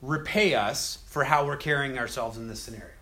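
A man teaching a casual Bible study, retelling scripture with conversational, animated storytelling. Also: mid-range voice, fairly quick.

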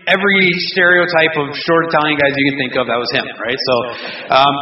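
A man's voice: a little high, steady tone, brisk. A man teaching a casual Bible study to a group of men, rambling with restarts, joking and chuckling as he goes. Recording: roomy distant dull recording with faint noise.

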